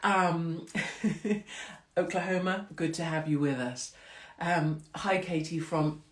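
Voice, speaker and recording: A woman's voice: fairly low pitch, takes it slowly, reverberant. A middle-aged woman hosting a live stream from home, chatting with viewers in a rambling, self-mocking way and swearing freely. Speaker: host of a live social-media stream. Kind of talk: casual chat with live viewers.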